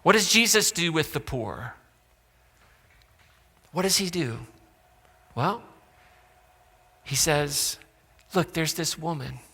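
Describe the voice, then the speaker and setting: A man's voice: on the high side, lively intonation, takes it slowly, pauses often, sharp tone, breathy edge. A pastor preaching a sermon in a church, conversational and sarcastic, acting out quotes from the stories he tells. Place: church auditorium. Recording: long hall reverb.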